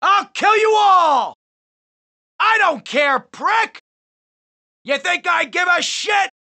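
A volatile middle-aged gangster with a gravelly, rough-edged voice, spitting out short taunts and threats. The tone sits high and bright for a man, and he takes his time with each line. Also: expressive, very slow, full character voice. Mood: shouting rage. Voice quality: gravelly, menacing. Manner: taunting and hostile, short barked lines. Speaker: video game character. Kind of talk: game voice lines.

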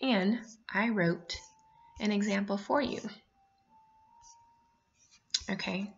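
A woman teacher giving a remote lesson, explaining clearly and slowing down to spell out each point. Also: mid-range voice, dull audio. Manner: clear and instructive, reads poems aloud, slows down to explain.

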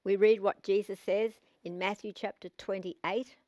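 An Australian woman in middle age delivers a sermon, reading long scripture passages aloud. She leans hard on key phrases, slowing down and repeating them for emphasis. Her voice sits at an ordinary middle pitch and is recorded close and dry, with no room sound. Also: fairly even intonation, darkish tone, no echo. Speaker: preacher.

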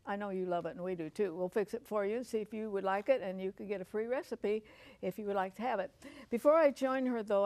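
A woman's voice: mid-range voice, darkish tone. An older woman hosting a Christian television talk show, chatty and earnest, often repeating herself and using fillers. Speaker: host.

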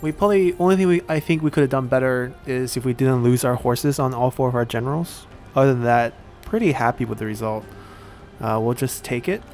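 A man giving casual let's-play commentary while he plays a strategy game, thinking aloud and pausing often on fillers. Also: mid-range voice, a little mellow, faint music behind. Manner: thinks aloud, halting with frequent "uh".

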